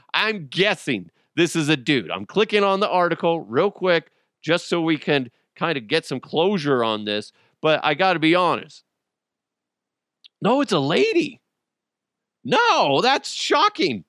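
Profane joking podcast host. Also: male voice, fairly high pitch, a bit bright, clean tone, dry recording, clean studio sound. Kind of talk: casual solo podcast chat.

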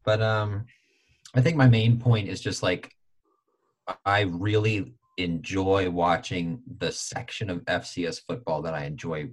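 A man hosting a sports podcast, talking in an animated, exasperated casual chat. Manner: animated, exasperated, quick to jump in pitch. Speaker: podcast host.

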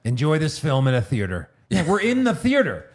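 A man's voice: a little high, a little fast. A man co-hosting a podcast, enthusiastic and jokey while chatting about movies. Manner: enthusiastic, jokey, lively delivery. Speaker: podcast co-host. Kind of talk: casual movie review chat.

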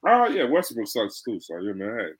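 A man's voice: medium pitch, huge pitch swings, normal speed, husky, rough recording. A man co-hosting a casual sports podcast, teasing his partner in easygoing, profane banter. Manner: laid-back, teasing banter. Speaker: podcast co-host.

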